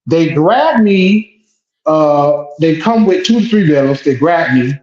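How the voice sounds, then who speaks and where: A man who is a guest telling an emotional first-person story, animated and blunt, repeating phrases and swearing. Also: on the high side, takes it slowly. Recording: echoey dull lo-fi room.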